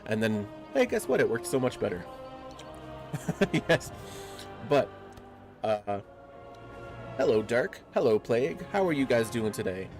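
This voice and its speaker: A man's voice: medium pitch, animated, moderate pace, pauses often. A young man streaming a game from home, chatting casually with viewers in loose, rambling talk full of fillers, speaking into a desk microphone. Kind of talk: casual live-stream chat. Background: game music.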